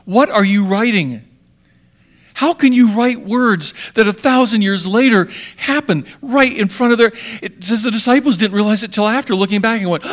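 Man, preacher, sermon, high voice, dramatic, hushed to emphatic. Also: normal speed.

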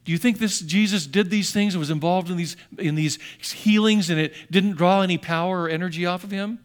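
A man's voice: high voice, fairly quick. A male pastor preaching a sermon with fervor, repeating phrases and acting out the quotes he reads.

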